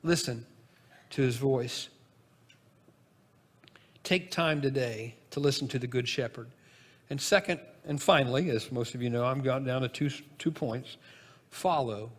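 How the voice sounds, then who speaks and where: A man preaching from the pulpit in a relaxed, chatty way, slipping into asides and starting sentences over. His voice sits at an everyday middle pitch. The church hall gives it a long, echoing tail. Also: measured pace, pauses often. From northern United States. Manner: conversational, folksy, with asides and restarts. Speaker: pastor. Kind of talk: sermon.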